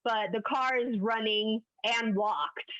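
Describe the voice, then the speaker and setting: A woman's voice: on the high side, slow pace, fairly bright tone. A woman co-hosting a podcast, chatting casually with lots of giggling. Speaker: podcast co-host. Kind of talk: casual chat. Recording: dull lo-fi podcast audio.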